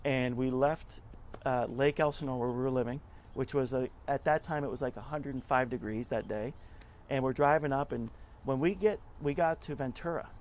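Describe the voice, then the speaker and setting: A man's voice: medium pitch, normal speed, few pauses, a little hiss or hum. Chatty middle-aged man telling stories. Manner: chatty, animated storyteller who acts out quotes. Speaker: interview guest, nonprofit club leader. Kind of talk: casual storytelling interview.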